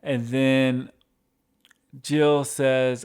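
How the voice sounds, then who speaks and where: Male recap host, unhurried, smooth tone, loose and rambling. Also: medium pitch, little pitch movement, darkish tone. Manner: rambling, frequent restarts and fillers. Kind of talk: casual episode recap.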